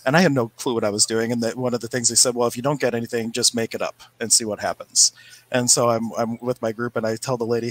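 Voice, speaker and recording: A man's voice: medium pitch, no room sound, poor audio. A man co-hosting a casual chat about spirituality from home, rambling and telling stories. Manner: rambling, storytelling, quick bursts. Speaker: podcast co-host.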